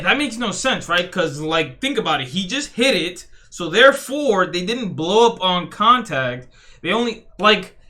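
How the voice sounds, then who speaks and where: Rambling, cursing young man, bright voice. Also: sits high. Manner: rambling, profane, full of fillers and restarts. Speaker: streamer. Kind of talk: casual commentary on a comic.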